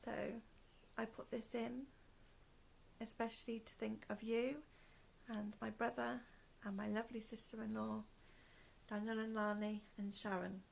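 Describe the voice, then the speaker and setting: Gravelly British woman, hoarse and slow, soft near-whispered home podcast chat; faint room noise. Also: a little high, level tone. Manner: soft-spoken, often trailing into a whisper. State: in pain, hoarse from asthma. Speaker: podcast host. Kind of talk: casual chat to camera. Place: one room at home, indoors.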